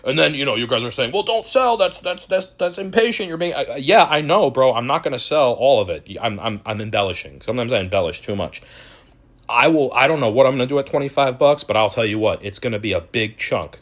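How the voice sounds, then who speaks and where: A young man who hosts a crypto channel rants through his video commentary, profane, exasperated and mocking. His voice is medium-pitched and fairly bright, and he talks at a quick pace.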